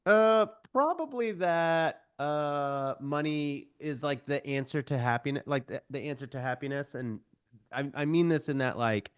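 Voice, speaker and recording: A man's voice: on the high side, unhurried, clear, resonant tone. A man in his thirties, a podcast guest, talking casually and animatedly, acting out the voices of people in his stories with self-deprecating humor. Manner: animated, self-deprecating storyteller who acts out quoted voices. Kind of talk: podcast interview.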